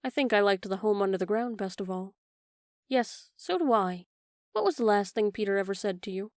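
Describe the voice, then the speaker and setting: A woman's voice: mid-range voice, animated, brisk, darkish tone, dry recording, clean studio sound, lightly acted. A woman voicing an artful, eager little girl who coaxes for a bedtime story.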